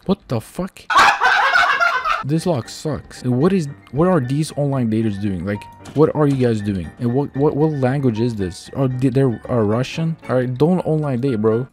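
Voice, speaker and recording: Man, gaming commentary, warm mellow tone, excitable, profane, quiet music underneath. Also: medium pitch, normal speed. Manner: excitable, swears a lot, laughs often. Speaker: gaming YouTuber. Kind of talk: gameplay commentary.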